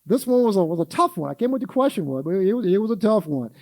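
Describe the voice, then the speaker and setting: In a sing-song, racing delivery, a man with a high, mellow voice runs a church Sunday school class. Folksy in tone, he questions the class and acts out everyday sayings. The sound is close and dry, free of echo or room.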